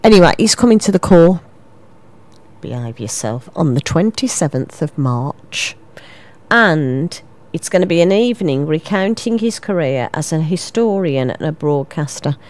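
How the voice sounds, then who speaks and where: A woman in her fifties from England, presenting a local radio show with lively, self-mocking, rambling chat into a studio microphone. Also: deep voice, a little slow. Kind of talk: chatty local radio banter.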